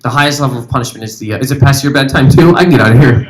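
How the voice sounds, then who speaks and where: A man doing stand-up comedy on stage, rambling and animated as he chats with the audience. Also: mid-range voice, very fast, background noise. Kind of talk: stand-up comedy with crowd work. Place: live comedy venue.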